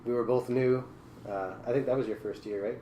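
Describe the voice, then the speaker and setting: A man hosting a podcast, chatting in a relaxed, friendly way with fillers, recorded in an echoey room. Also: mid-range voice, fairly quick, far from the mic. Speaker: podcast host. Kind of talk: casual interview chat. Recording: echoey room, faint noise.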